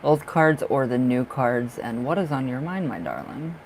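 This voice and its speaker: A man's voice: mid-range voice, animated, moderate pace, creaky, low-quality recording. A chatty, effusive man reads tarot cards live for his viewers, gushing over their love lives and calling them darling. His voice sits in an ordinary middle range, with a faint hum of the room behind him. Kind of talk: casual live-stream chat.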